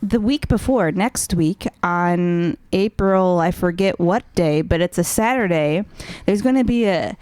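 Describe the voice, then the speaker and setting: A woman radio host answering questions in casual chat, animated and rambling with ums. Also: on the low side, unhurried, clear, resonant tone, dry recording.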